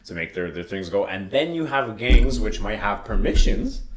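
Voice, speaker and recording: A man's voice: lowish voice, moderate pace, background noise. A young man from Toronto, swearing freely and laughing often as he tells a story in casual chat. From Toronto, Canada. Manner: profane, animated storyteller who laughs often.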